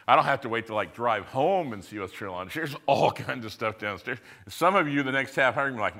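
A male pastor telling a personal story in a sermon, conversational, moving between loud emphasis and hushed moments. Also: medium pitch, lively intonation, fairly quick.

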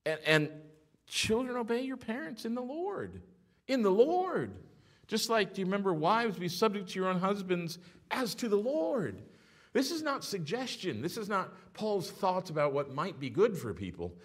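A middle-aged man preaching a sermon as pastor, telling stories with animated swings between hushed and loud delivery. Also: sits high, moderate pace.

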